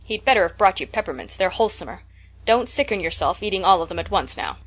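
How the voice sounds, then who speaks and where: Woman narrator playing a strict, practical older spinster; brisk, dry scolding, audiobook. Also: lowish voice, lively intonation. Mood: stern.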